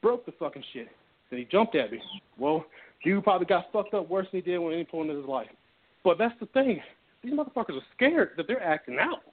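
A man's voice: sits high, sing-song, a little fast. A man talking bluntly and heatedly with heavy swearing, co-hosting a casual podcast. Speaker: co-host. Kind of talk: casual profane podcast chat. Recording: tinny phone line.

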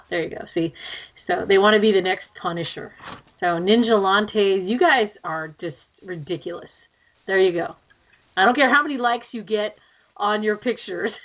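A woman co-hosting a casual radio chat show, rambling and laughing often, with some swearing. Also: medium pitch. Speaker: co-host. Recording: tinny phone-like line.

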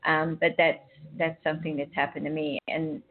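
A woman recounts a personal faith story in casual conversation, circling back often and restarting her sentences. Her voice sits a little low, and it comes through a thin, phone-like line. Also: little pitch movement, moderate pace. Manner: emotional, rambling, frequent restarts. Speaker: guest sharing a personal story.

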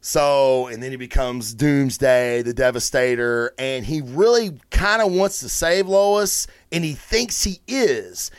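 A man hosting a comic book review show, talking in a casual, rambling, excitable way and swearing freely. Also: mid-range voice, slow pace, few pauses, smooth, no echo, clean studio sound. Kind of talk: casual solo review talk.

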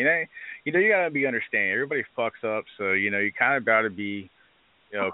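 A bar owner interviewed on a live show tells stories bluntly and profanely, speaking fast in a lowish voice and acting out quotes from others as he goes. The sound is dry with no echo, band-limited like a phone.

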